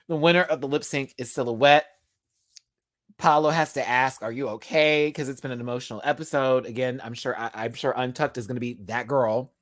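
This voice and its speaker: Male host for a live show recap: sassy, chatty, slang-heavy, mid-pitched, dry close sound. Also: normal speed, pauses often, no room sound. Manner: sassy, playful drag slang; chatty, expressive, with laughs. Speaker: YouTube reviewer. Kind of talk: live episode review.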